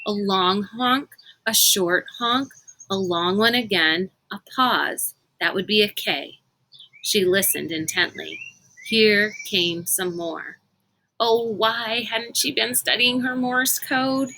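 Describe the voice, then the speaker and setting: A woman reading a novel aloud in an unhurried, expressive storytelling manner. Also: mid-range voice, slight background noise, rough recording. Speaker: reader.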